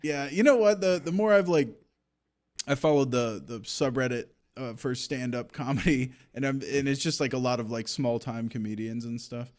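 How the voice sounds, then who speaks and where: A man co-hosting a podcast in relaxed, rambling casual chat, laughing often. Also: medium pitch, moderate pace. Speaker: podcast co-host.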